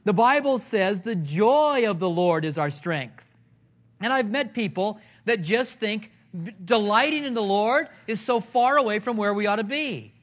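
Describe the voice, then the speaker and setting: A pastor with a high, light voice preaches to his congregation at an unhurried pace, mixing scripture with humorous, animated anecdotes. The sermon's recording sounds slightly dull and lo-fi.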